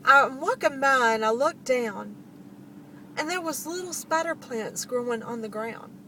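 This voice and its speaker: A middle-aged woman telling a personal story straight to her listeners, animated and laughing often. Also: sits high, unhurried, distant mic, a little hiss or hum. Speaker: vlogger.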